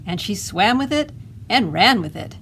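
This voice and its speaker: A woman librarian reading a picture book aloud at children's storytime, expressive and asking little questions. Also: mid-range voice, normal speed, slight background noise.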